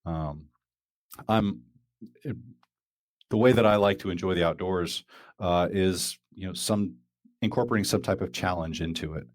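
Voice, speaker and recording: Pausing often at a moderate pace, a low-pitched man hosts a casual podcast, rambling loosely and filling his talk with fillers and restarts. The clean studio recording has no echo.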